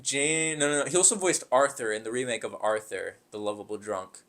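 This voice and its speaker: A young man talking loosely with a friend, wandering off on tangents and swearing as he goes. His voice sits at an ordinary middle pitch. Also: a little fast, fairly bright tone. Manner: rambling, tangent-prone storytelling with profanity. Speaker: podcast co-host. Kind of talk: casual chat.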